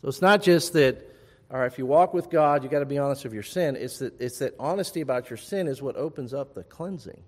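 A man preaching a sermon as pastor, rising to loud urgent appeals and dropping to soft, hushed reassurance. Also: medium pitch, a little fast, long reverb tail.

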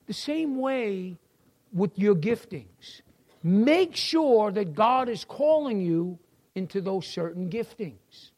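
A man's voice: high-pitched, lively intonation, slow pace, darkish tone. A middle-aged man with a New York accent teaching a church class in a folksy sermon style, talking to listeners by name.

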